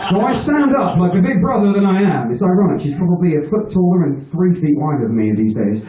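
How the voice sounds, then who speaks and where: A man's voice: high-pitched, big pitch swings, fairly quick, mellow, a little hiss or hum. A man doing a stand-up set, telling a rambling, crude story, swearing often and laughing at his own jokes. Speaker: stand-up comedian. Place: live venue with an audience. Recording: echoey room, mic heard from a distance.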